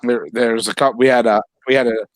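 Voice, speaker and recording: A man runs a relaxed video-call chat, rambling on with easy laughs. His voice sits in a middle range and sounds dry and close, with no room around it. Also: mid-range voice, quick pace, dry recording. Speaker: host.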